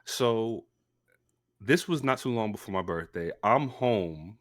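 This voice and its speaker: A young man co-hosting a podcast, telling a story in a casual, animated way. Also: slow. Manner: animated storyteller, acts out quotes in a high voice. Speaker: podcast co-host.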